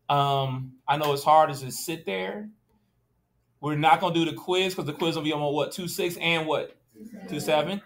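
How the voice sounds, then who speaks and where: A man's voice: a little high, fairly bright tone. A male teacher giving a classroom lecture, talking casually and directly and often checking that students are following. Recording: echoey classroom, at times far from the mic.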